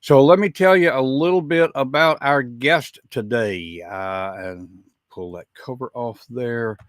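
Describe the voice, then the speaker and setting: A Southern American man opens his live show in a relaxed, folksy way, with a mid-range voice. His talk is full of small fillers and asides. The sound is dry, with no room echo. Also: medium pitch, measured pace. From Southern United States. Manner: chatty, folksy, with frequent uh fillers. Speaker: podcast host.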